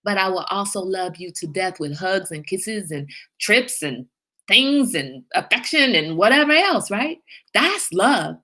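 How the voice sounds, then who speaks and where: A middle-aged woman hosting a livestream, chatting casually and emphatically with viewers and telling animated stories. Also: mid-range voice, unhurried. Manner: animated storyteller, emphatic, reads viewer comments. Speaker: livestream host.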